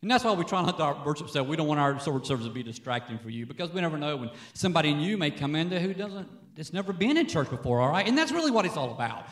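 A man preaching a sermon as pastor from a church stage, an animated, joking storyteller. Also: fairly high pitch, fast talker, hardly any pauses, reverberant.

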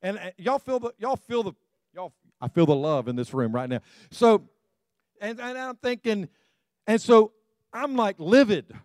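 A middle-aged male pastor delivering a sermon in a conversational, storytelling way, full of self-deprecating humor. His voice sits a bit high for a man. It is recorded close and dry, with almost no room sound. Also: lively intonation, moderate pace, a little mellow, no room sound. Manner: addresses the congregation directly.

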